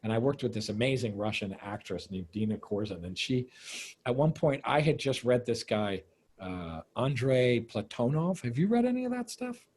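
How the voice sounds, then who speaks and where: A man's voice: medium pitch, normal speed, slightly rough. A man in casual conversation, telling stories animatedly and acting out the people he quotes. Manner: animated storyteller, acts out quoted voices. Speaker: co-host. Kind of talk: casual conversation over video call. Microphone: phone or video call. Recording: video call audio with music behind.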